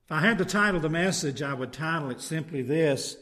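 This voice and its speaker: A man delivers a sermon in a church, first reading scripture aloud and then preaching on it. He leans on rhetorical tag questions to draw in his listeners. His voice sits a little higher than most men's. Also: brisk, bright, forceful tone.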